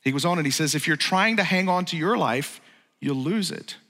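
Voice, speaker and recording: A male pastor delivers a lively sermon and keeps slipping into acted-out quotes and casual asides. His voice sits high and bright, and a long reverb trails after it. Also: normal speed. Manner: animated, acts out quoted lines, conversational asides.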